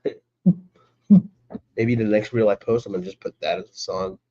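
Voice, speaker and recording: A man's voice: lowish voice, unhurried, mellow, dull audio. A man hosting a casual live stream, chatting in a laid-back way, greeting viewers by name and laughing often.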